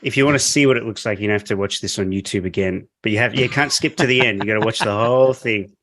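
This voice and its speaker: On a clean, dry studio recording through a podcast microphone, a man hosts a casual interview, chatty and joking with lots of fillers. His voice is lowish, quick and fairly bright.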